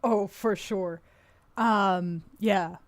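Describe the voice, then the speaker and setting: A woman's voice: mid-range voice, extremely slow, no room sound. A woman co-hosting a casual advice podcast about running tabletop games, chatty and self-deprecating, often trailing off mid-thought. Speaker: podcast co-host.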